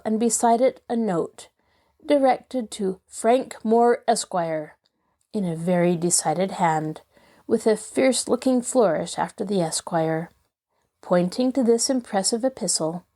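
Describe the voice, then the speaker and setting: A woman host reading a classic novel aloud in a measured, expressive manner. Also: mid-range voice. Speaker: host and audiobook narrator. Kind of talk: scripted narration.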